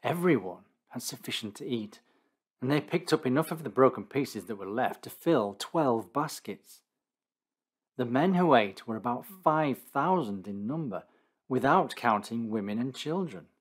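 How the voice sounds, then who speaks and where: Man, scripted Bible narration, steady, deliberate, mid-pitched. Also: slightly rough.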